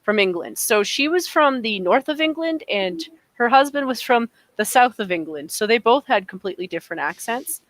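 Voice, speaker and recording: A woman's voice: fairly high pitch, animated, moderate pace, few pauses, no echo, low-quality recording. A Canadian woman from Alberta, co-hosting a casual podcast chat, chatty, laughing often and repeating words as she goes. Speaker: podcast co-host.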